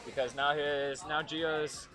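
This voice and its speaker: A man's voice: a little high, flat delivery, slow pace. A man giving casual live play-by-play commentary on a competitive video game match, with frequent fillers. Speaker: esports commentator. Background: music playing nearby.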